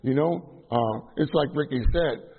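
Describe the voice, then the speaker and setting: This middle-aged minister gives trainees a casual sermon to a live audience, his mid-range voice husky and measured. Chatty and self-deprecating, he leans on fillers and restarts, and the recording has a tinny, phone-like quality.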